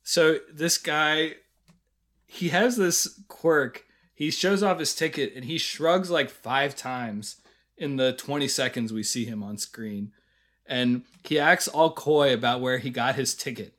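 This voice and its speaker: Taking it slowly, a podcast co-host speaks in a mid-range, somewhat bright voice. He casually retells scenes in a review chat and laughs often.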